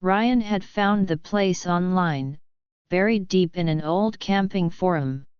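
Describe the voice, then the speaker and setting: A woman narrating bedtime horror stories in a calm, soft, hushed and atmospheric way, as the regular host of the channel. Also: fairly low pitch, slow, smooth, no echo, muffled recording.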